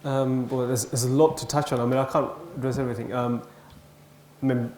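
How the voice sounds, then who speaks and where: A man answering an audience question at a university seminar, speaking in a measured way with hesitant ums. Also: mid-range voice, little pitch movement, darkish tone, roomy sound, a little hiss or hum. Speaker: invited speaker, head of research.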